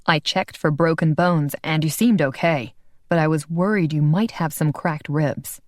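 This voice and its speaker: A woman doing a calm, protective young man. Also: measured pace, dry recording, studio quality. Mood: reassuring. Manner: low, reassuring and firm.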